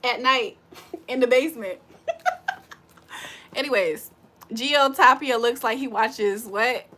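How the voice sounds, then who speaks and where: Woman livestream host, high and bright, roasts her chat, breaks into loud laughter. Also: takes it slowly. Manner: trash-talking, laughs loudly. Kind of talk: casual live chat.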